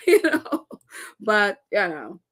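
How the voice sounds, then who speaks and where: A woman's voice: medium pitch, a bit bright. A woman hosting a casual live-stream podcast, chatting and reading viewer comments, laughing often. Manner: giggly, laughs often, chatty with many fillers.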